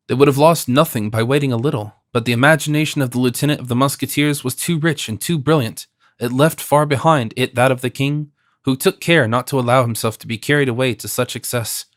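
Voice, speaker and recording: A man narrating a classic novel as an audiobook, in a measured, expressive reading. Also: mid-range voice, no echo, studio quality.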